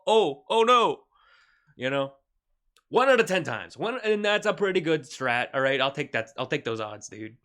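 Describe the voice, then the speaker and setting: A man streams a shooter game with casual, jokey commentary, swearing freely, laughing often and yelping excitedly when the game turns. His voice is medium in pitch.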